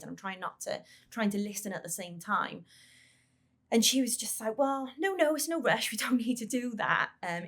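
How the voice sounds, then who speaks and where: A woman who is the parent of a child with a brain injury, telling her story in a podcast interview in a halting way, repeating words and acting out the dialogue she recalls. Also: on the low side, fairly bright tone, slightly rough.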